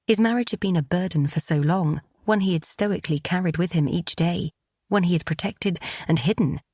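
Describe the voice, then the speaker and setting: A woman reading a romance audiobook with a low, husky voice. Her storytelling is calm and even. The recording is close and dry. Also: fairly quick, dry recording. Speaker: audiobook narrator. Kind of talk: scripted romance narration.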